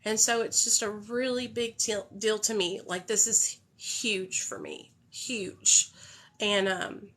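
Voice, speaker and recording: A woman's voice: medium pitch, steady tone, takes it slowly, fairly bright tone. A young woman hosting a phone livestream, talking in a heartfelt, candid way and swearing freely. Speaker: livestream host. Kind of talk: casual livestream talk.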